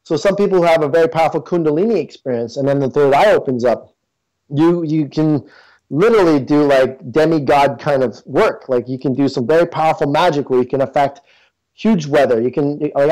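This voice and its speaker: Earnest man with a slightly high voice. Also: darkish tone, poor audio. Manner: earnest, with many fillers and restarts. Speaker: guest. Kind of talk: casual interview talk. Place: in Toronto.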